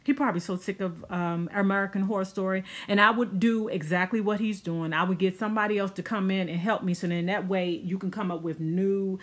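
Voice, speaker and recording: A woman talks through a TV episode in a loose, sassy recap style. She chats with slangy asides at an ordinary mid pitch. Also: fairly even intonation, a little fast, few pauses. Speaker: TV recap vlogger. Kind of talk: casual show recap.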